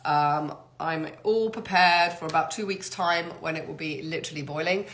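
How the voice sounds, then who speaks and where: A middle-aged woman runs a live question-and-answer session, reading greetings aloud and chatting through the answers. Her voice sits a little low and carries a trace of a fading cold. She talks close to the mic. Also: normal speed, fairly bright tone. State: getting over a cold. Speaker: host answering viewer questions. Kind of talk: live Q&A chat reading out comments.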